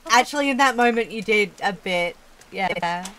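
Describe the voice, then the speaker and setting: A woman's voice: medium pitch, lively intonation, normal speed, fairly bright tone, a little hiss or hum. A woman streamer chatting casually while gaming, playful and teasing, laughing often. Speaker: streamer host.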